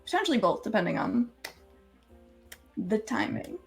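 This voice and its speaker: A woman's voice: medium pitch, big pitch swings, normal speed, gravelly, soft background music. A woman playing a tabletop role-playing game, talking in a meandering way that trails off mid-thought. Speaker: player. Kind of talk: tabletop role-play chat.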